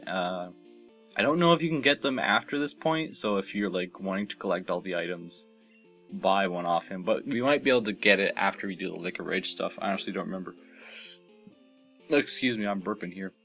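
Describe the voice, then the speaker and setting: A man's voice: on the low side, a bit bright. A young man casually commentating his playthrough of a game, rambling and unsure of himself, with many fillers and self-corrections. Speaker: let's play host. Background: faint game music.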